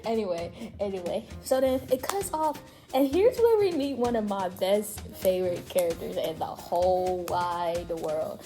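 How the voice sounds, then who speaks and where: A woman's voice: medium pitch, animated, a little slow, warm tone, faint music behind. A woman co-hosting a casual chat, rambling through a story and often breaking into laughter. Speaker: co-host. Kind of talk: casual chat, recapping a game.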